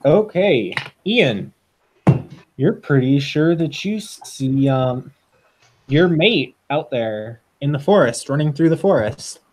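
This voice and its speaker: Lively-voiced man running a tabletop game. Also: on the high side, takes it slowly, a little hiss or hum. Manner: relaxed, chatty, many ums and laughs. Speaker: game master.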